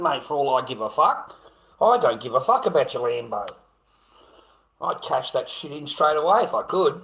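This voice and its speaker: A man's voice: medium pitch, sing-song, normal speed, a bit bright, reverberant. A man in his fifties with an Australian accent, ranting profanely and mocking his chat during a casual livestream. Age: 50s.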